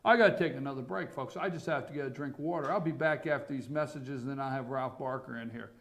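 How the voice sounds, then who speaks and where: A man hosting a morning talk show, ranting sarcastically and loudly about politics. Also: mid-range voice, quick pace. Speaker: radio talk show host. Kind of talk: political commentary monologue.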